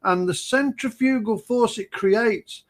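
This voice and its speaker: Slow-talking high-voiced man. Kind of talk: heated online panel debate.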